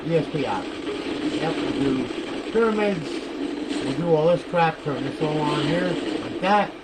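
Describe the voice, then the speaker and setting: A man's voice: fairly high pitch, unhurried. Rambling, foul-mouthed man over a noisy recording. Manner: rambling, profane, bursts into loud trash talk at opponents. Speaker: console modder demoing a modded console. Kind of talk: casual gameplay tutorial with commentary.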